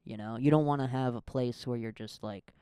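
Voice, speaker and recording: A man's voice: mid-range voice, brisk, warm tone, smooth, no echo, studio quality. A young man from the American Midwest hosting a casual solo podcast, rambling and self-deprecating with lots of fillers. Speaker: podcast host.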